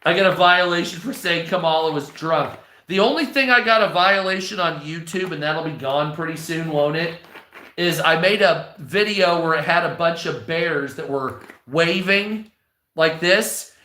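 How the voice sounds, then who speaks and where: A man in his forties rants freely on a livestream, swearing often and rambling between topics. His voice is bright and pitched a little high. It rings in an echoey room. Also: moderate pace. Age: 40s. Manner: profane, rambling ranting. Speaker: livestream host. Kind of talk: casual livestream monologue.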